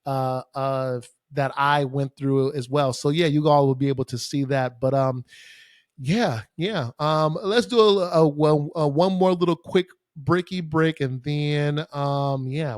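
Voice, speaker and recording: A man's voice: medium pitch, a little mellow, no echo, studio quality. A young man, hosting a solo podcast and telling stories with lots of fillers and swearing. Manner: casual, profane, exasperated ranting with many fillers. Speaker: podcast host. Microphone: studio microphone facing camera.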